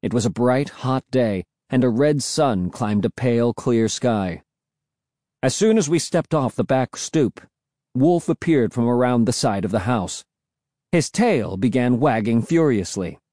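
A man's voice: mid-range voice, lively intonation, measured pace, dark tone, no room sound, clean studio sound. A man narrating a first-person story in dramatic audiobook style.

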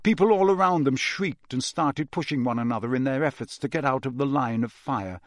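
A man narrating a fantasy novel as an audiobook in a measured storytelling manner. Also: mid-range voice, no echo, clean studio sound. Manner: measured, even storytelling delivery.

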